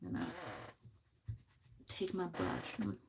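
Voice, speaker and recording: A woman's voice: on the low side, animated, takes it slowly, vocal fry, background noise. A woman chatting casually through a makeup tutorial at home, giggly and full of goofy asides. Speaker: beauty vlogger. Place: home room.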